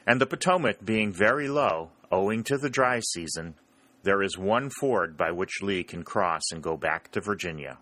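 A blunt, weary army scout, voiced by a male reader, who delivers news plainly. The tone stays bright and forceful. The recording is dry and close. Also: sits low, animated, moderate pace, dry recording. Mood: matter-of-fact. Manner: matter-of-fact reporting.

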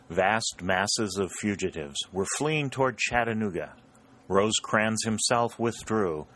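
A man reading a novel aloud as an audiobook narrator, with a steady, measured storytelling delivery. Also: sits low. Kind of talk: scripted narration of a historical war novel.

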